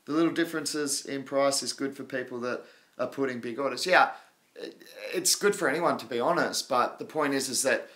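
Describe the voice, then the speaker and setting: A man's voice: mid-range voice, a little fast, pushed and bright. Chatty man hosting a crypto stream. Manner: rambling, chatty, laughs often. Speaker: crypto livestream host. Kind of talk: casual livestream chat.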